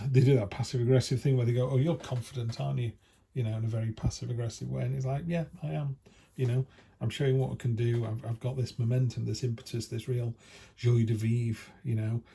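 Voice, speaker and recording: A man's voice: medium pitch, warm tone, a little hiss or hum. A man giving a casual, chatty tarot reading from home, enthusiastic and full of fillers. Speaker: tarot reader. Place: home by a field. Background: faint outdoor ambience, dogs passing.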